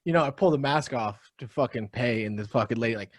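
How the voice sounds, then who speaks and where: Homem descontraído, palavrões, papo de podcast, som seco. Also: male voice, medium pitch, no room sound, clean studio sound. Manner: laid-back, profane, quick reactions. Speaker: podcast co-host. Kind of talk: casual chat.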